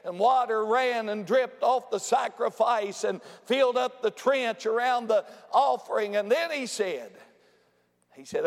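A man with a notably high voice delivers a revival sermon. He moves between quiet, close storytelling and sudden shouted bursts. His words trail into a long, echoing reverb that fills a large sanctuary. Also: measured pace, gravelly. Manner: swings from hushed storytelling to shouted, high-pitched exclamations. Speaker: preacher.

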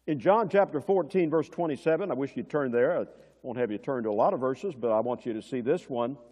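A male preacher delivering a sermon, swinging between loud emphasis and hushed moments, and asking the congregation questions like a teacher. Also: mid-range voice, lively intonation, fairly quick. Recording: dull sound, long church reverb.

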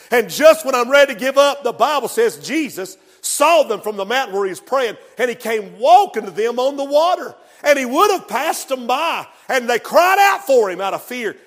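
Male preacher, very high voice, emphatic sermon delivery, church hall reverb. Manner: emphatic preaching with call-and-response asides.

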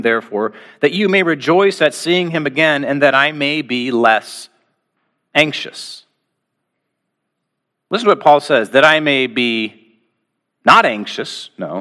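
A man preaching a sermon to his congregation, asking rhetorical questions and slowing down with deliberate pauses on key phrases. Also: fairly high pitch, sharp tone. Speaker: pastor.

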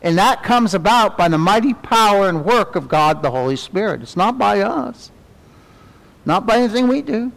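A middle-aged man leads a Sunday school class in a church. His voice sits a little high, and he talks in an animated way, tossing tag questions at the class. On reverent words he drops to a soft, low murmur. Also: moderate pace, gravelly. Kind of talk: conversational Bible teaching.

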